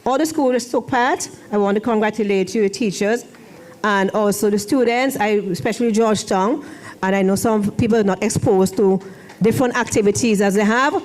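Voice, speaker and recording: A woman's voice: mid-range voice, moderate pace, a little mellow. A middle-aged woman, a former foreign language officer, giving a rambling ceremony speech in a church hall with many restarts. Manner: rambling, repeats and restarts phrases.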